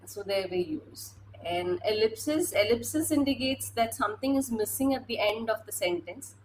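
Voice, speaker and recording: A woman's voice: a little high, animated, moderate pace, a little hiss or hum, low-quality recording. A woman teacher giving a classroom lecture, hesitant, with many fillers and restarts.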